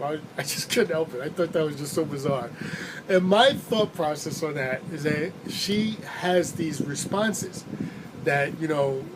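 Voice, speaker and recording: Male rideshare driver, easygoing storyteller with a slightly high voice, recorded in a noisy car cabin. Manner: rambling, easygoing, chuckles while telling it. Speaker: rideshare driver and channel host. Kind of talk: casual anecdote storytelling.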